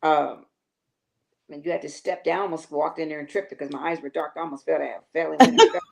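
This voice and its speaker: An older woman, a guest singer, telling a lively story on a talk show and acting out the quotes with laughter. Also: deep voice, brisk, creaky.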